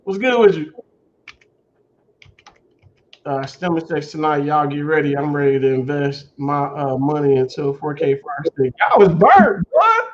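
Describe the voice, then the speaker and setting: Laid-back high-voiced man hosting a livestream. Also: fairly even intonation, moderate pace, hardly any pauses, slight background noise. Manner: loose, laughing, greets viewers by name. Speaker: livestream host. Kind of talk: casual livestream chat. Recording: dull lo-fi stream audio.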